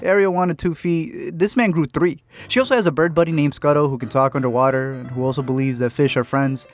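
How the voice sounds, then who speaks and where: Guy doing a jokey movie recap, kinda high voice, quiet music under it. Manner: quick jokey punchlines. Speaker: host. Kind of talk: comedic recap narration.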